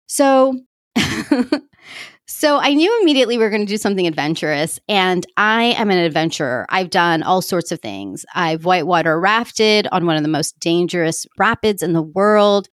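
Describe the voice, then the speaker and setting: Lively woman coach telling a story. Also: lowish voice, moderate pace, no room sound, studio quality. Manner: animated, laughs often, acts out quoted dialogue. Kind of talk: casual storytelling to listeners.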